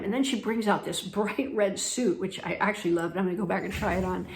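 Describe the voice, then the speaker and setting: A woman's voice: mid-range voice, fairly quick, creaky. A woman from the United States who tells stories in a chatty way, laughing between sentences as she talks to her viewers. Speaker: travel vlogger. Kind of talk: casual chat. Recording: echoey room.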